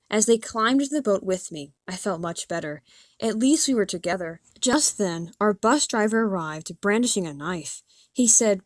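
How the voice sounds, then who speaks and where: A woman narrating an audiobook in the first person, with an earnest, expressive reading. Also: medium pitch, moderate pace, no room sound, studio quality. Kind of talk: scripted narration.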